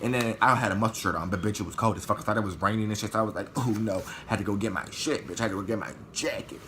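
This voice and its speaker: A man telling a story in a vlog, animated and profane, acting out what people said. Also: on the low side, very fast, a little hiss or hum. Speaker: vlogger.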